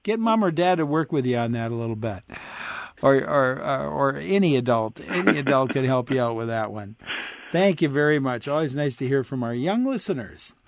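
A man hosting a radio call-in show, friendly and quick to laugh as he brings in guests and callers. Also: mid-range voice, animated, no echo. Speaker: radio talk show host.

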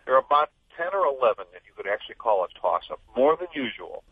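A man's voice: medium pitch, big pitch swings, quick pace. A middle-aged man, a political correspondent, explaining things in an interview and restarting his sentences often, heard over a telephone line. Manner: fluent but full of restarts and "I mean". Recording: husky tinny phone line.

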